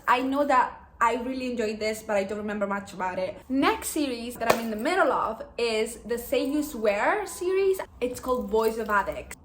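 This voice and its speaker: Young woman, raised pitch, chatty and rambling, roomy echo. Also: a bit bright, slight background noise. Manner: chatty and rambling, many "like" fillers, laughs often. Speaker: book vlogger. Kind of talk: casual chat.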